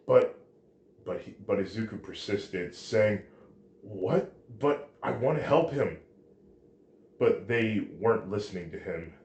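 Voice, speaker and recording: A man reading a fan story aloud, halting now and then with restarts. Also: deep voice, a little mellow, highs cut off. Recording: roomy echo.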